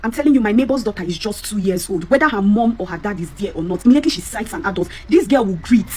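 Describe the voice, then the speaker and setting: A woman in an angry rant, scolding and exasperated, shouting in bursts. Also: mid-range voice, expressive, fast talker, husky. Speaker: clip speaker. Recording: faint background noise.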